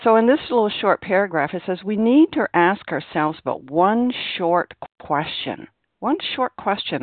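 A woman's voice: lowish voice, dry recording. A woman sharing her experience at a recovery meeting, earnest and repeating key phrases for emphasis. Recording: dry, tinny phone line.

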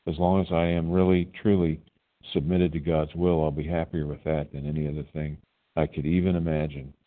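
Super deep-voiced guy wrapping up at a meeting, calm, tinny phone sound. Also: brisk. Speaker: meeting participant. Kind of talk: recovery share.

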